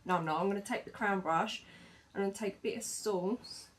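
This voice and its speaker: A woman's voice: mid-range voice, moderate pace, noisy background. A woman chatting casually through a makeup demo, with lots of fillers and self-corrections. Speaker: beauty vlogger. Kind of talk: makeup tutorial chat.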